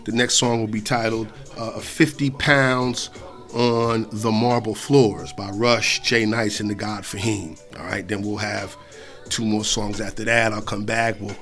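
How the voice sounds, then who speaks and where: Between tracks on his hip-hop radio show, this middle-aged New York State host speaks in a lowish voice. He keeps things loose, full of slang, cursing and shout-outs.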